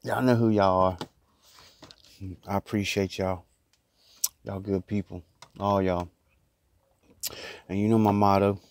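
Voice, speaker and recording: A man's voice: fairly low pitch, flat delivery, slow, pauses often, darkish tone. A man vlogging casually from inside a small closet, rambling in a loose, chatty way while he eats. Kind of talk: casual mukbang chat.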